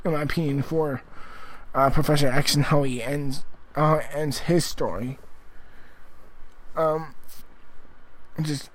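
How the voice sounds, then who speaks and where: A man talks through a movie review in a loose, rambling way. His voice sits a little high for a man. He stops and restarts often and swears for emphasis. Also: steady tone, slow, pauses often, low-quality recording. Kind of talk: casual spoken movie review.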